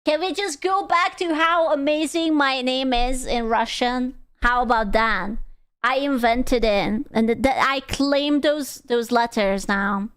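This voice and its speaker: A woman's voice: high-pitched, measured pace, fairly bright tone, clean tone. A young woman streamer chatting casually with viewers, playful and giggly, swearing and reacting dramatically.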